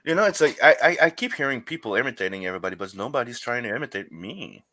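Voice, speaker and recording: A man from Canada with a French Canadian accent, chatting and joking on a livestream, telling stories with lively energy. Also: mid-range voice, fast. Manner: animated, joking storyteller. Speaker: stream regular. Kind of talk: casual livestream chat.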